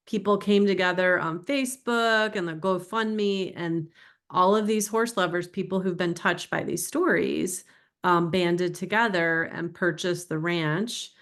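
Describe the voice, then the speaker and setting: A middle-aged woman author giving an informal, chatty talk about her book to an audience, digressive and emotional as she tells stories. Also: fairly low pitch.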